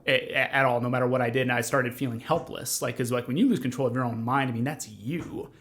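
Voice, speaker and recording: A man's voice: mid-range voice, quick pace, fairly bright tone, slight background noise. A young man telling his own story as a podcast guest, earnest and rambling, with many fillers and restarts. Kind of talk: conversational storytelling.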